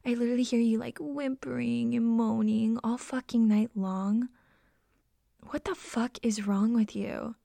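A young woman acting a scornful, domineering roommate in a whispered role-play, talking in a mocking, contemptuous way with a husky voice. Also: a little high, fairly even intonation, unhurried, warm tone.

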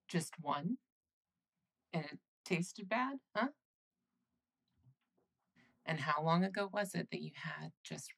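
With a fairly low pitch, a woman whispers a role-play as a caring, teasing young girlfriend, soothing and reassuring the listener with soft laughs.

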